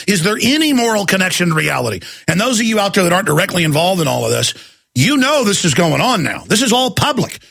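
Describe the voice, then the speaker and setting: A man hosting a talk radio show, ranting angrily, often shouting at his listeners. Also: sits high, creaky. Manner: angry, shouting, accusatory. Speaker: radio host.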